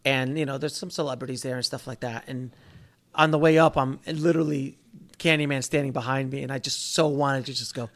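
A man hosting a casual podcast, an animated storyteller who swears freely. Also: medium pitch, fairly quick.

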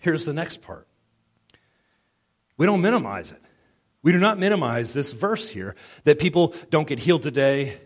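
A man's voice: on the high side, sing-song, moderate pace, pauses often. Middle-aged pastor guy preaching, chatty storytelling sermon, does the voices in his stories. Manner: conversational storytelling with quoted dialogue.

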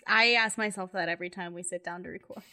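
A young adult woman co-hosting a podcast, chatting casually with playful, deadpan teasing. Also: fairly low pitch, fast. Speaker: podcast co-host. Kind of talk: casual chat.

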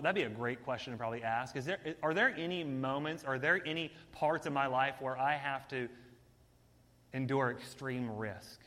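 A man preaching a sermon in an energetic, conversational way, talking straight to his listeners. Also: medium pitch, in a large hall.

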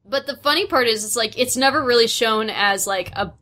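Woman chatting about a movie, bright voice a bit high, trips over her words. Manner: chatty, laughing, halting restarts. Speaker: podcast co-host. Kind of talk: casual film discussion.

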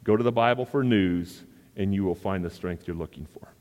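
A man's voice: sits low, brisk, a little mellow. A male pastor preaching a sermon in an earnest manner and repeating phrases for emphasis. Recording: long hall reverb.

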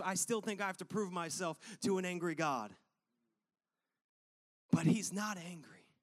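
A man preaching a sermon, telling a personal story with lively acted-out voices and frequent laughter. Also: high-pitched, unhurried, pauses often. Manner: animated, acts out voices and laughs often. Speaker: pastor.

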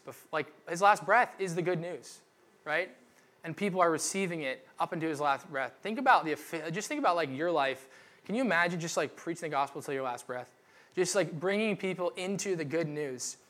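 A young man with a slightly high voice gives a relaxed, conversational sermon. He jokes with the congregation, fills gaps with "like" and "right?", and keeps the tone light while walking through scripture. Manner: chatty, joking, lots of "like" and "right?". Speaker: pastor. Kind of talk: casual sermon.

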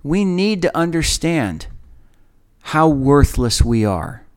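A man hosting a podcast, giving a reflective, earnest Bible teaching in a conversational way with emphatic pauses. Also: fairly high pitch, very animated. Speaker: podcast host leading Bible study.

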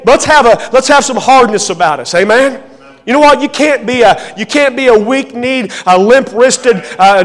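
Fired-up pastor guy, high voice, preaching in a big echoey church. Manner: fervent, calls out "amen?" to the audience.

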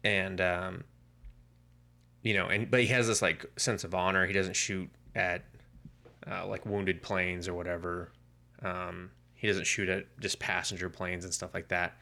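Gravelly low-voiced man retelling a story. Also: unhurried. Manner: animated storytelling, acting out quoted lines. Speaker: podcast co-host. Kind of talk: casual comic book podcast chat.

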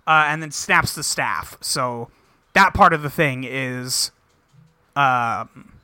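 A man casually recapping an episode with a co-host, swearing freely and acting out the characters in quick quotes. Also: medium pitch, bright, forceful tone, clear, resonant tone, no echo. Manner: loose, profane, acts out characters in quick quotes. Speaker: podcast co-host recapping an anime. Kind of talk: casual chat.

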